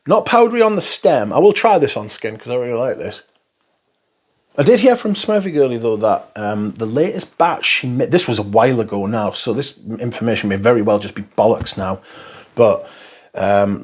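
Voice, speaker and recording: A man's voice: mid-range voice, husky. A man giving a casual first-impressions review, chatty and rambling, swearing now and then as he rants. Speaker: fragrance reviewer.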